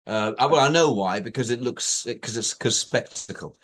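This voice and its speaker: Guy cohosting a podcast, dry sweary jokes, middle pitched. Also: normal speed, fairly bright tone. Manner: sardonic, sweary. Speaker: podcast co-host. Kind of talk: casual chat.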